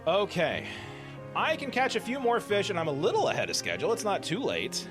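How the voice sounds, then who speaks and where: A man's voice: sits high, huge pitch swings, brisk, over music. A man hosting a casual let's play, chatting playfully and meowing to himself while he fishes. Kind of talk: casual gameplay commentary.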